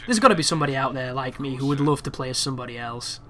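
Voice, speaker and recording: A young man giving casual, chatty commentary over a video game walkthrough, excitable and swearing freely. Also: medium pitch, rapid-fire. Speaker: gameplay commentator.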